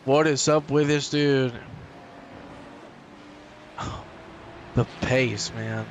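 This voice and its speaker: A man giving live sim racing commentary, energetic and joking with his co-host between race calls. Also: mid-range voice, drawn-out words, slight background noise.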